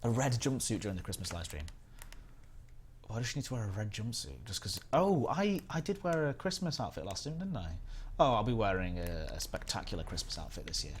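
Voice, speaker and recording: A man's voice: fairly low pitch, sing-song, a little fast, a little hiss or hum. A man with a Northern English accent hosting a casual gaming live stream, rambling and chatting while reading out viewer comments. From England. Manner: rambling, chatty, reads chat aloud.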